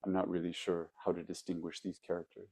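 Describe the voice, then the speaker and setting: A Zen teacher with a low, mellow male voice gives a dharma talk. He tells old stories slowly and reflectively, pausing to let points sink in. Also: little pitch movement, creaky. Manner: reflective storytelling with pauses.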